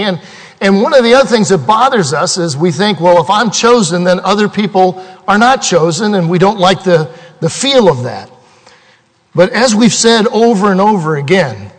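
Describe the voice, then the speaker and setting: A man preaching a sermon as pastor, earnest and emphatic, slowing down to stress key points. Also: sits high, in a large hall, low-quality recording. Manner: earnest, emphatic preaching with slowed dramatic phrasing.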